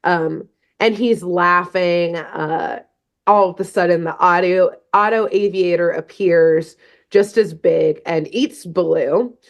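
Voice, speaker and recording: A woman's voice: on the low side, slow pace. Rambling woman recapping a cartoon. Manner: rambling, full of "like" and fillers; laughs at her own jokes. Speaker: podcast co-host recapping a cartoon episode. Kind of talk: casual chat.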